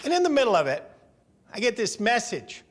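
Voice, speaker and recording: A man interviewed for a documentary, telling stories in a lively, profane way and acting out what others said. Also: extremely high pitch, a little fast, a little hiss or hum. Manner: lively, profane storyteller who acts out quotes. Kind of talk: animated anecdote storytelling.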